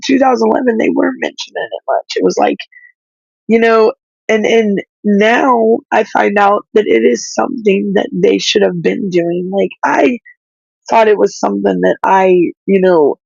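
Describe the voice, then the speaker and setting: A woman whose child is in foster care, speaking through tears in halting, pleading talk that stops and restarts. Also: mid-range voice, steady tone, vocal fry, a little mellow, breathy edge, dry recording, dull audio. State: crying, tearful. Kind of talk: emotional livestream talk.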